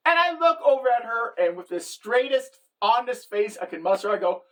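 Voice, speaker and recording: A middle-aged woman telling a comic story as a monologue, animated and deadpan at the punchlines, jumping into the voices of the people she quotes. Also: fairly high pitch, moderate pace, hardly any pauses. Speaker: comedic storyteller.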